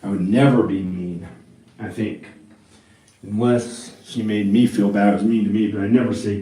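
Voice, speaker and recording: A man's voice: on the low side, steady tone, moderate pace, warm tone. A man vlogging in a rambling, profane monologue, talking into a handheld microphone. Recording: roomy, mic held far off.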